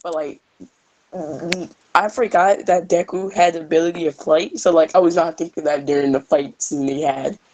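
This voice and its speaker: A young woman improvises a fan story in a loose, rambling way. Her voice sits slightly low for a woman. She leans on fillers as she goes and keeps it casual throughout. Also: steady tone, normal speed, darkish tone, slight background noise, rough recording.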